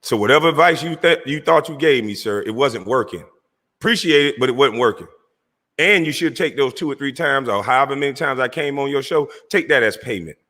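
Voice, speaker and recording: A man's voice: mid-range voice, expressive, brisk, bright, forceful tone, long reverb tail. A man hosting his own livestream, delivering a heated, mocking call-out aimed straight at a rival. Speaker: livestream host. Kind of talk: confrontational call-out rant.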